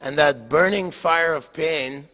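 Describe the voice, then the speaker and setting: A vengeful snake lays out its charges in a stern, accusing tone, told by an older man lecturing. The voice is bright. A long hall reverb trails it. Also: on the high side, slow pace. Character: vengeful snake sent by a god.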